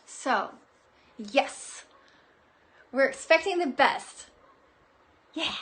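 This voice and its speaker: A woman's voice: high voice, lively intonation, extremely slow, long pauses, slight background noise. A woman psychic giving a live-streamed oracle card reading, bubbly and giggly in a chatty way. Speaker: psychic reader.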